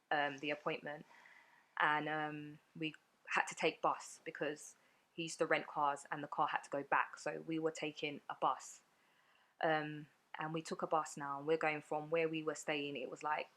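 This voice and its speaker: A woman, a podcast guest telling her own story in an earnest, rapid way with many fillers. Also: sits low, little pitch movement, a bit bright. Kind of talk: personal storytelling in a podcast interview.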